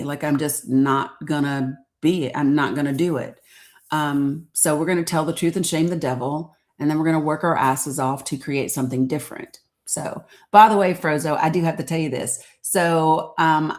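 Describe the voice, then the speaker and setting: An American woman hosting a casual live stream, talking in a candid, outspoken, conversational way. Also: low-pitched. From United States. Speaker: livestream host.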